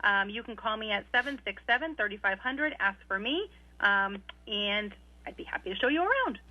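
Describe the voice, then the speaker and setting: A woman on a radio call giving a sponsor pitch, with steady, listing delivery. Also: normal speed. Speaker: sponsor representative. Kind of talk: casual radio talk, reading a sponsor pitch. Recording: muffled phone line.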